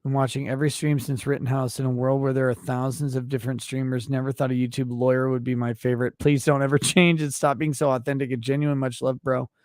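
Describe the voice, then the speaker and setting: A man's voice: medium pitch, little pitch movement, fast talker, few pauses, darkish tone, no echo, clean studio sound. A man hosting a livestream, reading viewer super chats aloud and answering them in brash, profane, mock-indignant rants. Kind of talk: crude comedic livestream banter.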